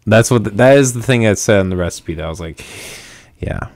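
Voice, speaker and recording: A man's voice: on the low side, lively intonation, quick pace, darkish tone, a little hiss or hum. A young man hosting a podcast, joking and self-mocking and laughing often, on a studio mic with headphones. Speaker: podcast host. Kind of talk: casual chat.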